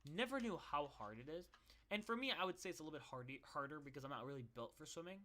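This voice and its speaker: An animated young vlogger talks fast in a fairly high, bright, forceful voice. He rambles through casual stories while making jokes about himself.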